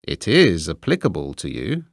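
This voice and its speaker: A man's voice: sits low, wildly swooping pitch, moderate pace, creaky, no echo, studio quality, voice pushed down, exaggerated voice. A man voicing a small, curious male linnet bird who asks probing questions, in a storybook reading.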